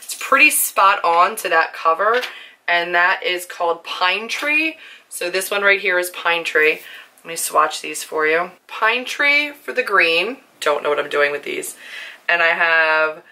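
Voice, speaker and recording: A young woman with a hoarse, worn-out voice, chatting casually to camera about her makeup, nervous and full of "like" fillers. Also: fairly low pitch, expressive, measured pace, bright, forceful tone. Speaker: book and beauty vlogger.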